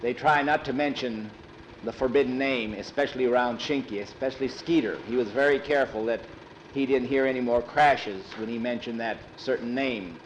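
A man telling a story aloud in an easy, conversational manner, stringing lines together with "he said" and "he says". A faint steady noise sits under his voice. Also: medium pitch, fairly quick, muffled recording. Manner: relaxed, conversational, frequent "he says". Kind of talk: casual oral storytelling.

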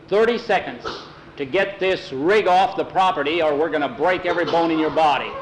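A muscular schoolboy bully, as a storyteller acts him, threatens in a slow, deliberate way. The voice sits a bit high for a man, with faint room ambience. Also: background noise, close to an everyday voice. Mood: menacing.

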